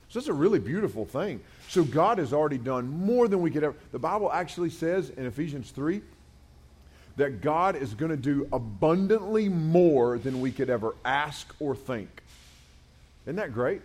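Lively man preaching to teens. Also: on the high side. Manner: animated storytelling, acts out voices. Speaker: camp speaker. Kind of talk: youth sermon.

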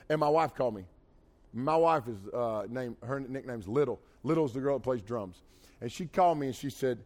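A middle-aged man preaching a sermon, folksy and animated, with jokey asides. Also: mid-range voice, quick pace. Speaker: pastor. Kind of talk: sermon with storytelling.

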